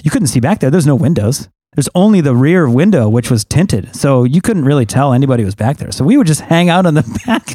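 A man who is a parent, talking in casual chat in a thoughtful, measured way. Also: on the high side, very animated, mellow, no echo. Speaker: parent, podcast co-host.

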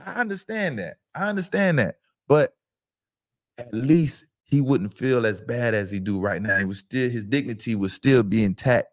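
A middle-aged man, a former football player co-hosting a casual sports talk show, telling stories emphatically and repeating his phrases. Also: medium pitch.

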